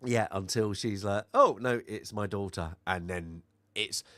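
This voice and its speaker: A man co-hosting a film review podcast, recapping scenes in a rambling way with many fillers and quick bits of mimicry. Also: fairly low pitch, sharp tone, no room sound. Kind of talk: casual chat.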